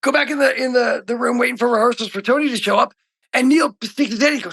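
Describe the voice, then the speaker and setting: A middle-aged man from Oregon, a guest musician telling stories in a casual interview over the phone, excitable and swinging between loud bursts and hushed talk. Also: very high-pitched, quick pace, husky.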